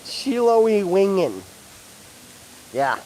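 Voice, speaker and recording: A man livestreaming outdoors at an animal park, chatting excitedly and calling out to the animals. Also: high-pitched, drawn-out words, a little hiss or hum, low-quality recording. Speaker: livestream vlogger. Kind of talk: casual livestream chat.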